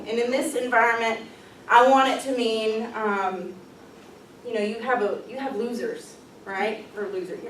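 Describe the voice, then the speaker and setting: A woman's voice: on the high side, a bit bright, slight background noise. A woman presenting a leadership workshop, talking in an upbeat, casual way with frequent ums and light laughs. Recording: echoey room, voice from far off.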